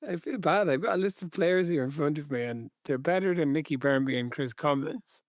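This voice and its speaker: A man co-hosting a casual football podcast, relaxed and wryly teasing his co-host. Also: fairly high pitch, brisk, no echo, clean studio sound.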